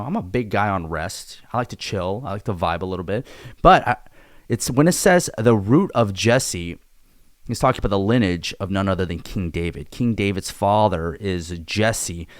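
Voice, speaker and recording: A man's voice: lowish voice, dry recording, studio quality. Laid-back man teaching a Bible study. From Korea. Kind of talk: casual Bible study video.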